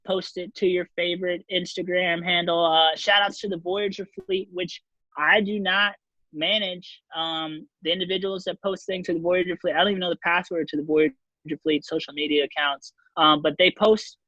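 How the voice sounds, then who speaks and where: A man's voice: sits high, level tone, normal speed, sharp tone, no echo, dull audio. A man co-hosting a podcast, chatting loosely and joking, with many fillers and asides. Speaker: podcast co-host. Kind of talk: casual chat.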